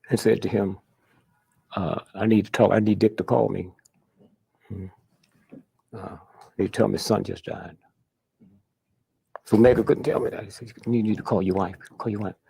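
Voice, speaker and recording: An older man, telling stories in an interview with a blunt, profane manner and a husky, gravelly voice. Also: medium pitch, expressive, moderate pace, pauses often, a little mellow. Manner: blunt, profane, punctuating with "huh?". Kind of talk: candid storytelling interview.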